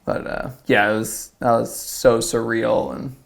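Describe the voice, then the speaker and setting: A man's voice: medium pitch, little pitch movement, measured pace, gravelly. A young man from South Carolina, a surfer and podcast guest, telling a story casually and rambling with lots of "like". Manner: rambling, lots of "like", acts out quotes.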